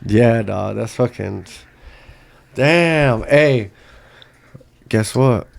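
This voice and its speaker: A man's voice: extremely slow, vocal fry. A man, co-hosting a podcast in loose slang, laughing often. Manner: laughs often, jumps between high and low, slangy. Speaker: podcast co-host. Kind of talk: casual chat.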